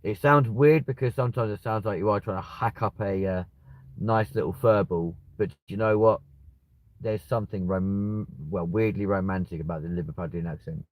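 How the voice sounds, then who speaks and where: A man, hosting a livestream and chatting casually with viewers, rambling and swearing with sudden bursts of excitement. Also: fairly low pitch, no room sound, poor audio. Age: 20s. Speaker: livestream host. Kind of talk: casual live chat reading viewer comments.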